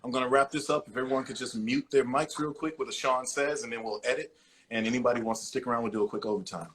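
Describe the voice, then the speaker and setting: A man's voice: medium pitch, fairly even intonation, quick pace, a bit bright. Earnest male host wrapping up a show. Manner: earnest, emphatic, a bit rambling. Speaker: podcast host. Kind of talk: casual show wrap-up and commentary.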